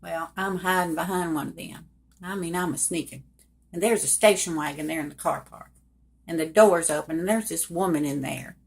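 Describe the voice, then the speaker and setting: A woman's voice: fairly low pitch, normal speed. A woman casually telling a personal story in a folksy, colloquial way, speaking straight to her listeners. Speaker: storyteller recounting her own life.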